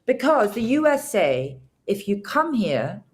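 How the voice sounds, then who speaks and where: A woman's voice: mid-range voice, big pitch swings, measured pace. Emphatic woman prosecutor on a video call. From Britain. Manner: emphatic, repeats phrases when building a point. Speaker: senior prosecutor, guest. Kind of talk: political interview talk.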